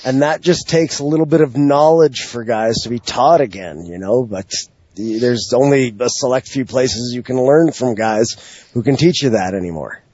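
A mid-pitched man speaking as a podcast guest, blunt and sarcastic, with some swearing. The sound is dry and somewhat dull and lo-fi. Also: normal speed, a little mellow, slightly rough, dry recording. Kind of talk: casual podcast chat.

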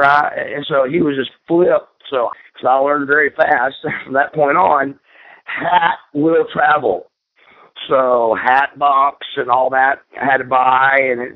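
A man, a former pro wrestler, telling stories from his career as an interview guest, rambling and repeating words as he goes. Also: mid-range voice. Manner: rambling, repeats words, acts out quoted voices. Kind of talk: casual storytelling in an interview. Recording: tinny phone-like radio line.

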